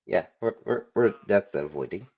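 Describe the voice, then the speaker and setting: A man's voice: on the low side, expressive, normal speed, husky, narrow, tinny audio. A man chiming in with short, laid-back replies over a video call.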